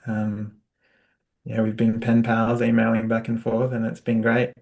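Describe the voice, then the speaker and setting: A young Australian man conducts a relaxed interview. He speaks in an even, fairly flat tone with frequent pauses and fillers, gentle and unhurried. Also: on the low side, vocal fry. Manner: soft-spoken, hesitant with fillers, laughs lightly. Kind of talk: casual conversational interview.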